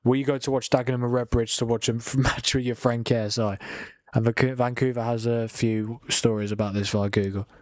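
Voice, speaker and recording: A man's voice: mid-range voice, level tone, fairly quick, darkish tone, no room sound. Chatty young man streaming football. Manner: chatty, swears, laughs, reads out viewer chat. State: tired from a long night of watching. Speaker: watchalong streamer. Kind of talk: casual live-stream football chat.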